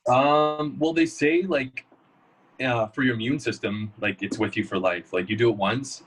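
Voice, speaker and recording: A man's voice: medium pitch, moderate pace, slight background noise, rough recording. A young man, a guest in a casual interview, telling rambling stories full of fillers. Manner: storytelling, loose and rambling with many fillers.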